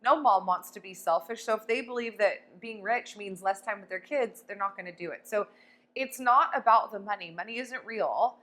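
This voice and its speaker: A woman coach talks straight to camera in a casual motivational vlog, blunt and full of swearing. Her voice sits at an ordinary middle pitch, and she hits her points with emphatic force. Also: normal speed, sharp tone. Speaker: life coach.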